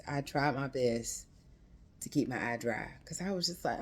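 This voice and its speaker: Very deep-voiced woman chatting about a book. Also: expressive, moderate pace, breathy edge. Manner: rambling, chatty, heavy use of "um" and "like"; retells the story with quoted lines. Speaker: book reviewer. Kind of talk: casual book review chat.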